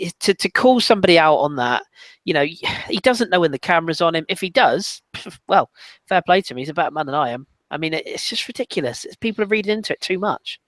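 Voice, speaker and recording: A man chatting on a football podcast, his voice sitting a touch high and sounding dry and close. He argues with animated emphasis, stumbling into restarts as he builds his point. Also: no room sound. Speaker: podcast panelist. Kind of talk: casual football chat.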